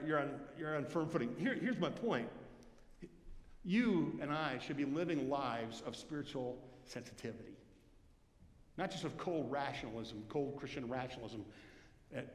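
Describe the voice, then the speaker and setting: Earnest high-voiced pastor in a reverberant hall. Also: male voice. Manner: earnest, exhorting. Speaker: lead pastor. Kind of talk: sermon. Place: church sanctuary.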